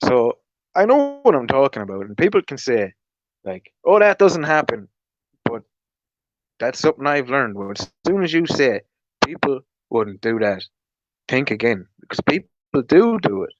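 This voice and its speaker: A man's voice: medium pitch, big pitch swings, normal speed, highs cut off. A man vlogging an angry, rambling monologue, swearing often and restarting his sentences. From Ireland. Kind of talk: ranting monologue.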